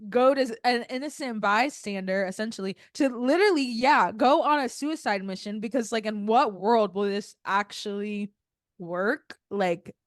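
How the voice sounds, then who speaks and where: A woman's voice: mid-range voice, normal speed, dry recording, studio quality. A young woman co-hosting a casual chat show, recapping a TV episode bluntly and with exasperation, with heavy fillers. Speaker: podcast co-host.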